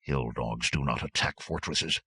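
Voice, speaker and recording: A man's voice: very deep voice, measured pace, sharp tone, breathy edge, no echo, full character voice. A man doing a stern, growling captain. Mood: sneering. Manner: growling, contemptuous. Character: hard veteran captain, middle-aged, stern and forceful.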